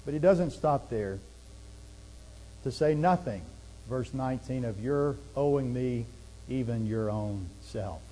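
A man's voice: mid-range voice, animated, slow, long pauses, dark tone, long reverb tail, rough recording. A man preaching a sermon, earnest, with emphasis that rises and falls. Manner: earnest, rising and falling emphasis.

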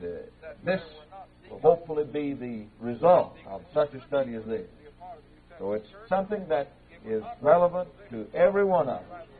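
A man teaching an evening Bible class in a church, speaking in a measured, conversational way with small slips and restarts. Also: fairly high pitch. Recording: tinny, narrow-band old tape recording.

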